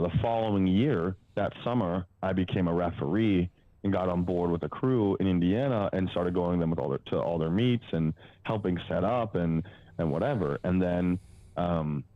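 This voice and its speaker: A man's voice: low voice, dry recording, narrow, tinny audio. A man in his twenties, a powerlifting coach guesting on a podcast, telling stories casually in a rambling way with lots of fillers and the odd swear. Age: 20s. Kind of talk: casual storytelling.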